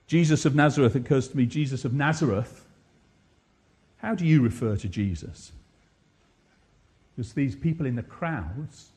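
A man preaching a sermon to a congregation, animated, with rhetorical repetition and frequent questions to his listeners. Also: mid-range voice. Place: church.

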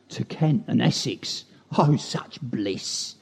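A man's voice: mid-range voice, big pitch swings, takes it slowly, gravelly, darkish tone, breathy edge. A man at a church gathering, reciting a humorous rhyming poem with chatty, self-deprecating asides between verses. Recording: dull lo-fi recording.

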